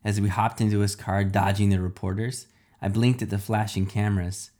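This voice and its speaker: A man's voice: on the low side, little pitch movement, fairly quick, dark tone. A man narrating a first-person children's story in a plain reading voice.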